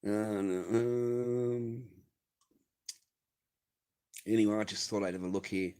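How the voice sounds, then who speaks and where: A man's voice: fairly low pitch, fairly even intonation, slow pace, long pauses, dark tone, clear, resonant tone. A middle-aged man with an Australian accent, hosting a casual livestream and answering viewers in a blunt, profane, rambling way. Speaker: livestream host reading viewer messages.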